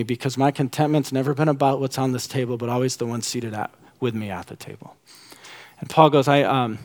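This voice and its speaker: A man in his thirties preaching a sermon as a pastor, animated and rising high and excited when he acts out quotes. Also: brisk.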